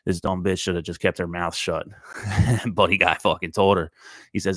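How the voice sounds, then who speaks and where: A man with a low, deep voice tells a loose, rambling story with plenty of swearing. The recording is dry and close, with no room sound. His delivery stays laid-back and conversational. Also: flat delivery, normal speed, dry recording. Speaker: podcast host. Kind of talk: casual storytelling monologue.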